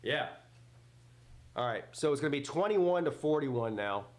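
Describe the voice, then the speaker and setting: A man's voice: a little high, lively intonation, moderate pace, roomy sound. A man hosting a live football reaction stream. He jokes, swears freely and answers his chat. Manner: loud, joking, swears freely, talks back to chat. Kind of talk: casual live reaction commentary.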